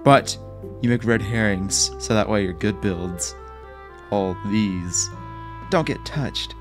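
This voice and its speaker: Man, fairly low voice, rambling joking gameplay commentary, faint guitar music behind. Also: takes it slowly. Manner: rambling, joking and self-mocking. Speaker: Minecraft YouTuber.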